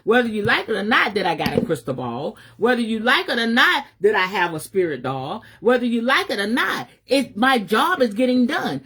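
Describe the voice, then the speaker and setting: A middle-aged woman delivers a fiery message in a preacher's cadence, her pitch leaping high and dropping low as she presses each point. Her voice sits fairly high, and she speaks in African American Vernacular English, swearing freely as she goes. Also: very animated, normal speed, hardly any pauses, a bit bright, breathy edge. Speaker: spiritual advisor. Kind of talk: preaching-style live stream message.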